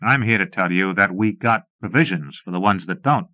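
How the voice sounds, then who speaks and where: A man plays a wiry thug with a raspy voice who talks flatly and threateningly. The sound is narrow and muffled, like an old cassette. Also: low-pitched, normal speed, dry recording, natural voice. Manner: flat, threatening. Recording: muffled phone-like cassette audio.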